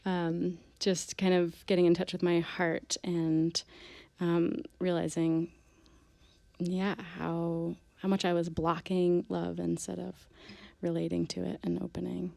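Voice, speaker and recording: Soft, slow-talking woman musician. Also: lowish voice, completely flat delivery, vocal fry, no room sound. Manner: soft-spoken, hesitant, many ums and small laughs. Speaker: guest musician. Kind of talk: casual radio interview chat. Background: guitar.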